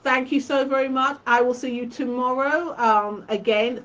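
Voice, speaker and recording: A woman's voice: high voice, steady tone, normal speed, hardly any pauses, a bit bright, lo-fi sound. A woman hosting a quilting tutorial live stream, chatting casually and fondly with her viewers.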